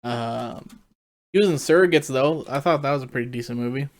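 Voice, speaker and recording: A man's voice: mid-range voice, brisk, no room sound, clean studio sound. A man co-hosting a podcast, tossing in joking asides during casual chat. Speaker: podcast co-host.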